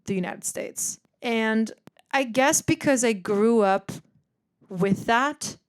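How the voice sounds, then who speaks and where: A woman in her twenties from the Netherlands, hosting a podcast in casual chat, animated and swearing freely, acting out other people's voices. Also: on the high side, takes it slowly, smooth. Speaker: podcast host.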